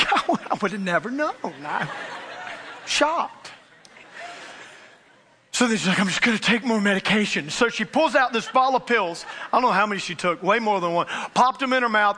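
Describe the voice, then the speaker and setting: A middle-aged man preaching a sermon, telling a story in an animated way and acting out the voices of the people in it. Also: very high voice. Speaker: pastor.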